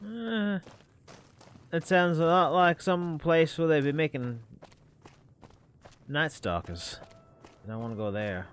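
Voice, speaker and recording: A man's voice: fairly high pitch, takes it slowly, long pauses, a little hiss or hum. A man streaming a video game, talking through it in casual commentary with wry, muttered asides to himself.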